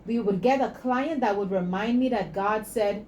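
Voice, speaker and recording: Passionate woman with a mellow voice. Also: medium pitch, moderate pace, slight background noise, rough recording. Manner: passionate, preachy, acts out dialogue. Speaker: entrepreneur guest. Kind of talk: interview storytelling pitch.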